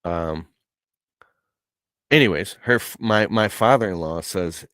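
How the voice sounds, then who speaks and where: A man's voice: sits low, slow pace, a bit bright, no room sound. A man telling a personal story in a casual, heartfelt way, earnest and emotional, with casual slang.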